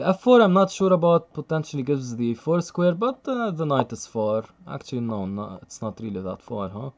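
A man's voice: medium pitch, darkish tone, lo-fi sound. Chatty man commentating a chess stream. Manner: chatty, laughs often, thinks aloud with many fillers. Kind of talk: live stream commentary, reading chat.

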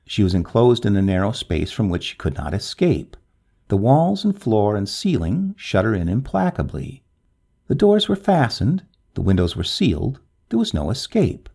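A man narrating a classic tale in an expressive, swooping storybook delivery. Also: fairly low pitch, normal speed, creaky, slightly rough.

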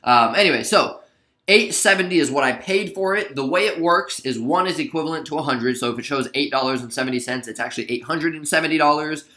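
Man, casual trade recap, chatty, bright tone, slightly high voice, echoey room. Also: fast. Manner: chatty, relaxed, many fillers and asides. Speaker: stock trading video host.

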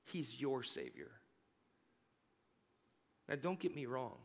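A man preaching a sermon in a church, energetic and conversational, stammering now and then. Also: mid-range voice, slow, vocal fry, big-room sound. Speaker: pastor. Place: large church sanctuary.

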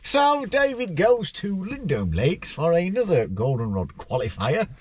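Lively teasing man. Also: high-pitched, measured pace, slightly rough, no room sound. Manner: teasing, laughs often. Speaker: co-host. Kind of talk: casual chat. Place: inside a parked van.

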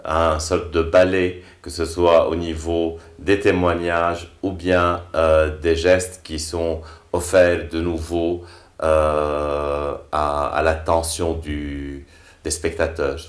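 A man with a very deep, flat voice speaks slowly and in a measured way, often searching for the right word. The recording has a roomy echo. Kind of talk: reflective spoken commentary. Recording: echoey room.

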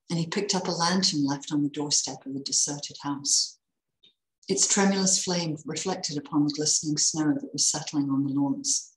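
A woman reading a Christmas story aloud in a measured, expressive way. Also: low voice, echoey room, poor audio.

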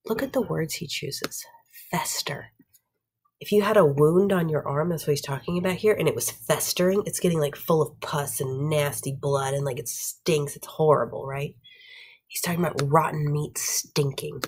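A woman's voice: low-pitched, normal speed, breathy edge. A woman teacher giving a recorded lesson to her students, often checking in with "right?" and "okay?".

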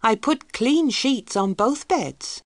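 A woman's voice: fairly high pitch, animated, slow, no echo, clean studio sound, voice pushed up. A woman voicing a polite young female servant at an inn in an audio storybook. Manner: polite and eager to help.

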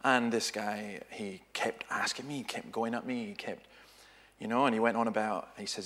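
A man's voice: lowish voice, steady tone, moderate pace, a bit bright. A man with a Scottish accent giving an informal teaching talk at a church, telling stories with humor and often correcting himself mid-sentence. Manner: conversational, humorous, self-correcting storyteller. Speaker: guest speaker.

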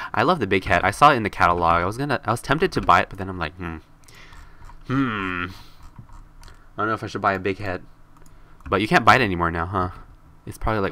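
A young man streaming a video game live, joking with chat and shrieking in mock fear when cornered. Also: pushed and bright. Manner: playful, jokey, squeals high when scared in the game.

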